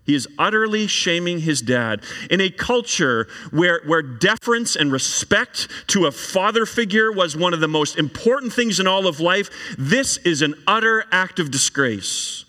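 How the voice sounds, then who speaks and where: A man preaching a sermon, reading scripture aloud and then explaining it in an animated way. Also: fairly high pitch. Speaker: pastor. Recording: long reverb of a large hall.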